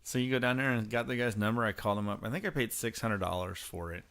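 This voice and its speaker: Low-voiced, easygoing male podcast guest. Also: quick pace, a bit bright. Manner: easygoing, rambling storyteller. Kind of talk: casual chat.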